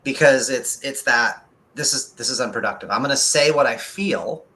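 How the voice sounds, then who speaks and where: Appearing as a guest consultant on a live talk show, this medium-pitched man talks with eager energy. He speeds along before purposely slowing to hammer his points.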